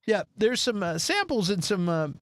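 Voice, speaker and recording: Host, male, high and very expressive, eager movie recap, close and dry. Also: normal speed, dry recording. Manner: animated, acts out the characters' lines in different voices. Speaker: podcast co-host. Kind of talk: casual chat recapping a movie.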